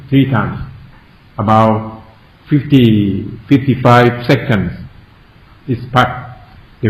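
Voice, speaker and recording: A Buddhist monk, a native Thai speaker, gives a Dharma talk in non-native English, slowly posing questions to his listeners and repeating key phrases. His voice is mid-range and darkish, recorded in an echoey room with slight background noise.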